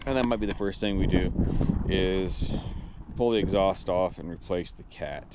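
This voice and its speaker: A man's voice: deep voice, moderate pace, noisy background. A man, short of breath, chatting casually and rambling as he works on an old truck for his vlog. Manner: rambling, restarts mid-sentence, plain-spoken. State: out of breath, winded. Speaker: vlogger working on his truck. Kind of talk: casual vlog chat while working.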